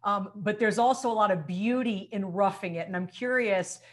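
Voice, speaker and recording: A woman's voice: medium pitch, normal speed. A woman host interviewing film cast members, gushing with effusive praise between her questions. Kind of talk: press junket interview.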